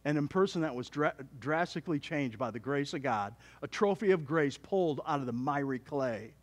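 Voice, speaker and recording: A male pastor delivering a sermon with a high, animated voice. His pitch leaps up and down constantly. He jokes with the congregation and trips over quick restarts as he talks. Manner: animated, joking, many restarts.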